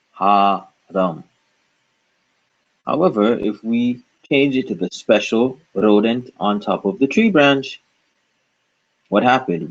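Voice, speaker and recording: A man teaching pronunciation at a very slow, deliberate pace, with a low, husky voice. He repeats each word carefully and guides the learner with questions. The recording sounds dull and lo-fi. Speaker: language teacher. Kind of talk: slow, patient pronunciation lesson.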